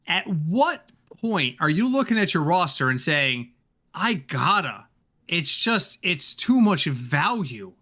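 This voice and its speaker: Male podcast host, animated and bright, chatty casual delivery. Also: a little high, takes it slowly. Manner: animated, leads the discussion with questions. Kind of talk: casual fantasy football chat.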